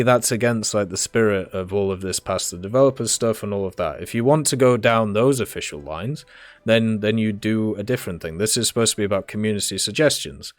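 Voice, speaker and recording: A man's voice: on the low side, fast, no room sound. A man answering viewer questions in a casual, rambling monologue with many fillers and restarts.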